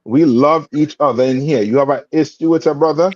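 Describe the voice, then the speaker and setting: A man's voice: on the high side, brisk, darkish tone, no echo, highs cut off. Man teaching a religious class. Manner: repetitive questioning, streetwise phrasing.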